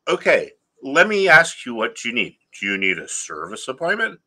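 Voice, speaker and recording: A man's voice: medium pitch, huge pitch swings, sharp tone, voice pushed up, exaggerated voice. A man putting on the voice of an automated customer-service phone bot reading its menu prompts. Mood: chirpy scripted. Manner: chirpy menu prompts, drawn-out.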